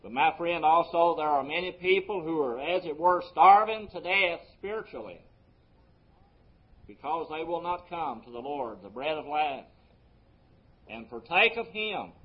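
A man pastor preaching a sermon, his voice swelling on key words and dropping low between them. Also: animated, unhurried, lo-fi sound. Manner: preaching with sweeping rises and drops in loudness.

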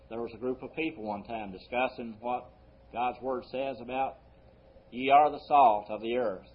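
A man preaching from the pulpit in a mid-range voice. He swings from loud, stretched-out scripture lines to quiet, low asides. The recording is dull and lo-fi, like an old church tape. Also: fairly even intonation. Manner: preaching with sudden loud emphasis and slowed-down quotes. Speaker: pastor. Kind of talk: sermon.

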